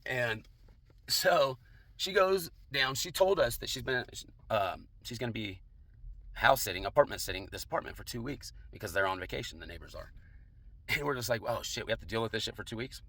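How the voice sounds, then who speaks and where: A man's voice: mid-range voice, big pitch swings, a little fast, pushed and bright, no echo. A young man telling a casual, profane personal anecdote in a laid-back way, laughing along. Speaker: storyteller.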